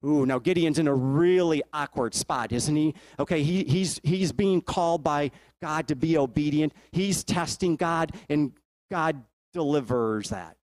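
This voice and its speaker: A man preaches a storytelling sermon and often asks his listeners to think along. His voice sits fairly high for a man. The sound is dry and close, with no room echo. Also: a little slow, darkish tone.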